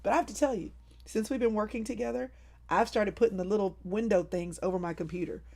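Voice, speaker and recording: A woman hosting a casual live stream from home, talking to viewers in an animated, playful, over-the-top way. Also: medium pitch, fast, creaky.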